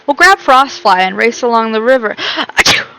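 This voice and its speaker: A woman's voice: a little high, expressive, a little fast, bright, forceful tone, smooth, low-quality recording. A young woman streaming a romance game, reading narration and her own lines aloud and chatting between them.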